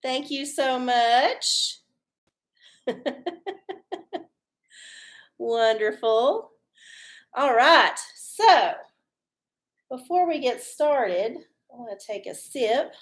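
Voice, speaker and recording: Lady rambling on a livestream, high voice, casual, cusses a lot. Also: drawn-out words, long pauses. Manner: chatty, folksy, swears freely and laughs often. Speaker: livestream host doing oracle readings. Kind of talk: casual live-stream chat.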